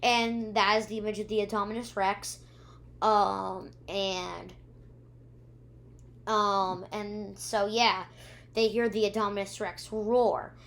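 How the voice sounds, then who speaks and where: A woman's voice: mid-range voice, level tone, slow pace, fairly bright tone. A female reviewer recapping episodes in a rambling way, with many ums and restarts, acting out the characters' lines. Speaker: video reviewer.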